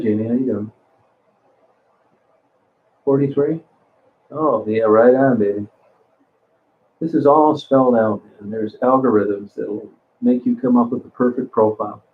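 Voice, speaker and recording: A man's voice: medium pitch, steady tone, a little slow, pauses often. Crude rambling man on a tinny line. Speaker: livestream host. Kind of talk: casual live chat reading comments. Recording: tinny phone-like sound.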